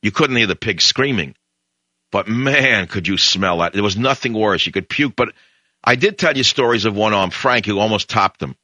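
A man's voice: moderate pace, bright, forceful tone, no echo. Older New man, rambling talk host. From Brooklyn, New York. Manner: digressive storyteller, jumps between tangents with sudden pitch leaps. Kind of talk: rambling monologue.

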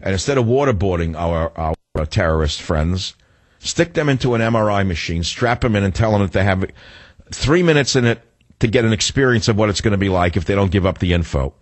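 A man's voice: lowish voice, a little fast, dry recording. Older man ranting sarcastically on talk radio. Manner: sarcastic, rambling, animated rants with self-corrections. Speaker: radio talk show host.

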